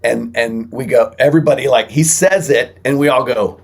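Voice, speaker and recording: A man who is a guest on a podcast, telling church stories in an animated way and speaking earnestly about faith. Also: mid-range voice, normal speed, gravelly, hardly any pauses. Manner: animated storyteller, earnest when encouraging. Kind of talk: storytelling interview guest.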